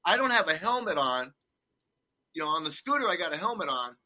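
High bright-voiced man, rambling story. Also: fairly quick. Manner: rambling, animated, laughs often, many restarts. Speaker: guest telling a travel story. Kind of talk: casual storytelling chat. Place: condo abroad.

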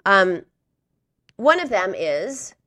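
A woman's voice: mid-range voice, very animated, extremely slow, sharp tone, dry recording, studio quality. A woman giving an earnest, encouraging coaching talk to listeners, now and then acting out a harsh inner voice. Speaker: speaker on emotional eating.

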